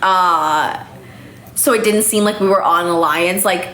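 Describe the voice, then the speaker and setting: A young woman hosting a home livestream chats away a little tipsy, leaning on fillers and casual curses. Speaking a bit slowly, she has a lowish voice with a sharp tone; the recording is echoey with faint noise.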